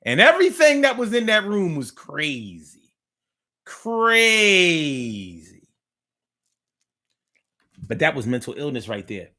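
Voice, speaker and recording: A man's voice: on the high side, huge pitch swings, takes it slowly, long pauses, bright, forceful tone. A man hosting a live online talk show, telling a story casually and profanely, repeating phrases.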